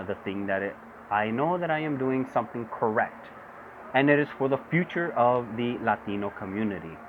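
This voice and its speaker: Buzzing insects can be heard over the tinny phone audio as a man with a lowish voice gives an impassioned political monologue. This vlogger repeats himself and switches between Spanish and English.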